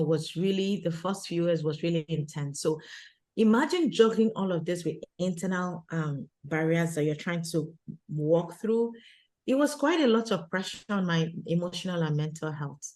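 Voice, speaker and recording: Woman guest, earnest storyteller, lowish voice, peppers talk with "you know". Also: normal speed. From abroad, immigrant to Canada. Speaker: guest, retreat organizer for women. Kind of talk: conversational interview storytelling.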